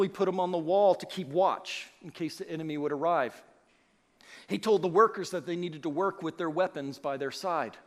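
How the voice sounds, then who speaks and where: A man preaching a sermon as pastor, animated and emphatic, acting out the voices he quotes. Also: on the high side. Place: church sanctuary. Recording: long hall reverb.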